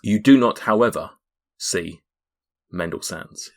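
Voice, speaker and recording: A man narrating as game master, hesitant and full of pauses. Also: lowish voice, creaky.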